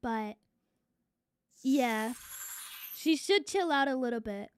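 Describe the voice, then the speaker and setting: A woman's voice: high-pitched, animated, slow, slight background noise. A young adult woman streamer chatting casually to her viewers, swearing freely. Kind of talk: casual live-stream chat.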